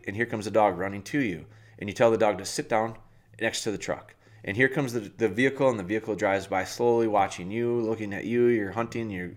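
Plainspoken man with a lowish voice. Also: moderate pace, a bit bright. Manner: plainspoken, talks the listener through everyday scenarios. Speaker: dog trainer podcast host. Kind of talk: casual advice talk.

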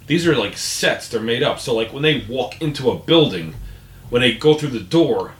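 A man's voice: medium pitch, animated, moderate pace. A man guesting on a podcast, telling self-mocking stories in casual chat. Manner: self-mocking, laughing storyteller. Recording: echoey room.

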